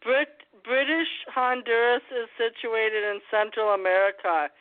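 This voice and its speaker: A woman hosts a loose call-in talk show, firing trivia questions at her co-hosts in a brisk, joking way. Her voice sits high, and it comes through a thin, phone-like line. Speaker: host. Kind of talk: casual call-in chat.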